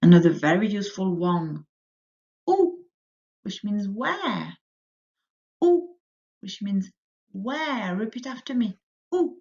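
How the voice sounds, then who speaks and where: A woman teaching a French lesson to young children, saying words slowly for them to repeat, her pitch rising on each French word. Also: very animated, dark tone. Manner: slow, drilling words for repetition, rising on French words. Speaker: primary school French teacher. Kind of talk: recorded remote lesson for children. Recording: dull lo-fi audio.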